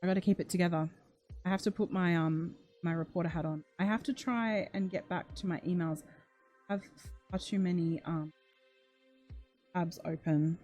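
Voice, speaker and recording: A woman's voice: fairly low pitch, steady tone, normal speed, a little mellow, faint music behind. A woman hosting a true crime livestream in a chatty way, reading out comments and reacting emotionally, gasping and close to tears. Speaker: true crime channel host.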